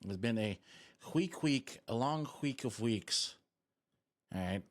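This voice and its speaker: A man's voice: medium pitch, expressive, slow. A young man streaming live, chatting and rambling jokingly with his viewers while sucking a lollipop. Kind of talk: casual live-stream chat.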